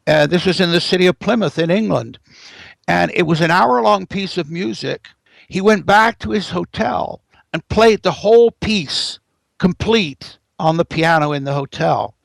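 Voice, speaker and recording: Male interview guest with a high, raspy, fry-tinged voice, lecturing and building to emphatic points, dry close mic. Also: no echo. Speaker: guest expert. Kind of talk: interview, explaining at length.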